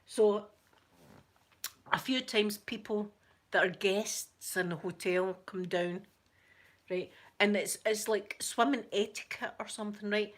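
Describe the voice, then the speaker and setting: A Scottish woman telling a story in casual chat, chatty and animated. She breaks into laughter often and drops into soft asides. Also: medium pitch, slow pace. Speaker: ASMR channel host.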